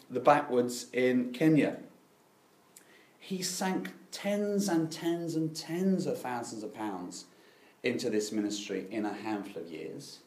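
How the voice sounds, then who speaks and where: Animated preacher in an echoey hall. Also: male voice, fairly high pitch. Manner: animated, self-deprecating storytelling with dry irony. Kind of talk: sermon.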